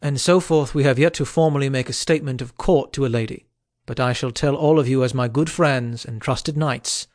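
A man narrating an audiobook, voicing a bold, commanding king in a measured, kingly manner. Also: mid-range voice, darkish tone, dry recording, clean studio sound, natural voice.

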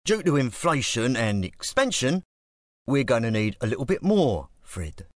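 A man voicing a gruff, sarcastic gangster who talks in a blunt, barking way. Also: mid-range voice, sing-song, unhurried, no room sound, studio quality. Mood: menacing. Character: gruff, sarcastic male gangster extorting money.

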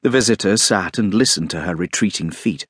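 Husky, expressive male audiobook narrator. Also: low voice, no room sound, clean studio sound. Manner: expressive, measured storytelling. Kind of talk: scripted narration of a classic novel.

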